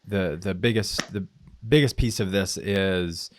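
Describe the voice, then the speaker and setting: A man with a very low voice hosts a podcast, summing up what his guest said and asking questions to follow up. The recording is close and dry, with no room sound. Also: measured pace, no echo. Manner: brief affirming interjections and summarizing questions. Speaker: podcast host. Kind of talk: interview.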